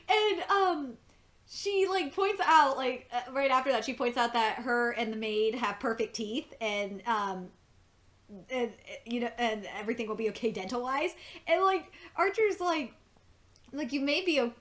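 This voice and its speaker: A woman with a high, bright voice talks through a TV episode in a loose, chatty review. She is excitable, laughs often and swears freely. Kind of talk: casual spoken review.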